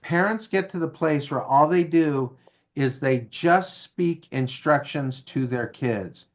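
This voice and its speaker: His voice is a little high and his pace slow, captured in dull audio. As an interview guest, he tells a lively story, performing the dialogue and constantly asking "right?" and "okay?".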